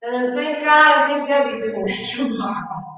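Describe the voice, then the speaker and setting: A woman's voice: high voice, moderate pace, fairly bright tone. Out-of-breath woman leading a workout class. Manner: counting down reps, upbeat and encouraging. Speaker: fitness instructor. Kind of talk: live workout class instruction. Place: gym. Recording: echoey room, far from mic.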